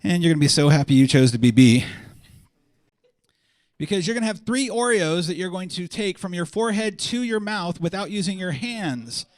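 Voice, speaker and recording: A man hosting a live stage event, calling names and directing a game with energetic, joking instructions. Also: high voice, normal speed, no room sound, studio quality. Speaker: host. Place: convention stage before a live audience.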